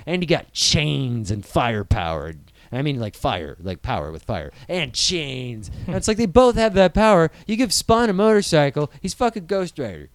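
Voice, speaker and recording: Brief: a man, animated podcast co-host, smooth clear voice slightly high, dry close sound. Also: no room sound. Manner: animated, profane, riffing with quick impressions. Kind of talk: casual chat.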